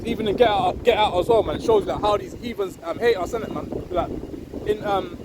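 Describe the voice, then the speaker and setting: A man giving an informal, rambling religious talk. He tags nearly every phrase with "man" or "innit" and reads scripture slowly and loudly. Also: high-pitched. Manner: reads scripture slow and loud. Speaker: street preacher. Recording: windy outdoor recording with wind noise on the mic.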